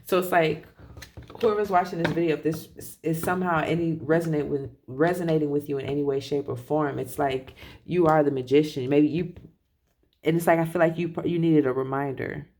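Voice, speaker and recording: A tarot reader talking casually and rambling, correcting themself often and laughing softly as they share a reading. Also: mid-range voice, fairly even intonation, fairly quick, a little hiss or hum.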